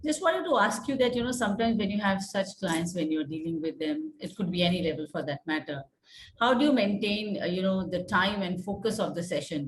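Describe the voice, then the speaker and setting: A woman hosting an interview, affirming her guest and asking long questions. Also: lowish voice. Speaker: interview host. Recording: roomy echo with faint noise.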